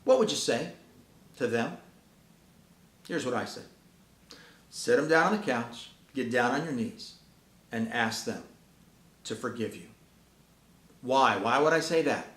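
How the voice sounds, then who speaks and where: A man's voice: medium pitch, lively intonation, measured pace, pauses often, fairly bright tone. Earnest man giving parenting advice, echoey. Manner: earnest, folksy, preacherly storytelling. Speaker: Christian parenting speaker. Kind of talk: talk to parents.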